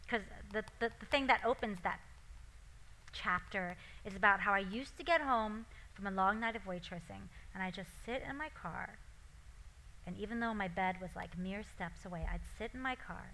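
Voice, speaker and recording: A woman's voice: mid-range voice, moderate pace, pushed and bright, slight background noise, poor audio. A woman, an author and actor, talking casually with many likes and ums, then reading aloud from her own memoir.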